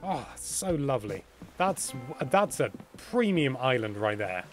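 A British man hosting a live gameplay stream, chatting in an excitable, gushing way as he tours an island. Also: medium pitch, unhurried, soft background music. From Britain. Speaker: livestream host.

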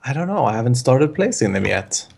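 A man's voice: medium pitch, sing-song, creaky, a little mellow, breathy edge. Chuckling man explaining a game. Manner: explaining, halting restarts, chuckling. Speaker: let's play co-player. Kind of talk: casual gaming chat.

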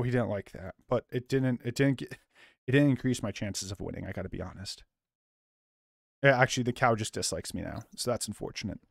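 Young male let's-player, upbeat and playful, lively pitch, dry close-mic sound. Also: gravelly, dry recording. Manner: goofy, self-described loopy, jokey asides to the viewers. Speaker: gaming YouTuber. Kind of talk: let's play commentary.

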